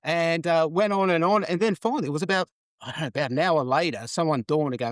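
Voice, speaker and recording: Male podcast host, slightly high voice, dry close mic, chatty storyteller who laughs easily. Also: quick pace, no echo. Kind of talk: casual chat.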